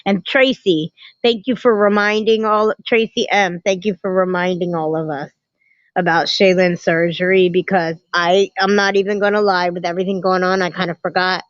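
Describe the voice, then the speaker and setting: Lady chatting on her live, animated, greeting everyone in the chat by name, lo-fi phone sound. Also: on the low side, normal speed, no room sound. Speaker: livestream host. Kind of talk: casual livestream chat with viewers. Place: indoors at a family home. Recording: muffled lo-fi phone audio.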